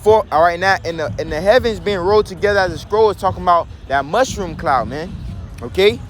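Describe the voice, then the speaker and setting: A man teaching from scripture in a preaching style. He reads verses slowly and then explains them, checking in with "okay?" and "all right?" along the way. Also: high-pitched. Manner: emphatic, preachy.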